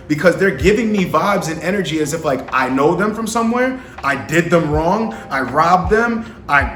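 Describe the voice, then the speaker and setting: A man's voice: on the high side, animated, normal speed, few pauses, fairly bright tone, slight background noise. A young man talking casually to camera about dating, slangy and profane, often asking the listener if they understand. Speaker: vlogger giving dating advice to men. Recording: echoey room with faint music.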